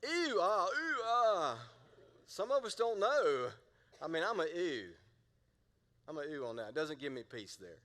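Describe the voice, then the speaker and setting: A middle-aged man from the American South preaches a sermon, pitched a little high for a man. He keeps it loose and conversational, joking with his congregation and getting them to call out responses. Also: animated, moderate pace, a bit bright, long reverb tail. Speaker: pastor.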